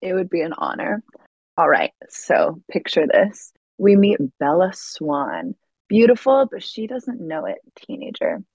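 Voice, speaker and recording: An enthusiastic woman rattles through a story on a casual podcast, laughing as she goes. Her voice sits at an ordinary pitch and sounds close and dry, with no room around it. She bounces between narration and quick put-on lines. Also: gravelly, slightly rough, no echo, low-quality recording. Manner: enthusiastic, animated plot summary with frequent laughs. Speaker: podcast co-host.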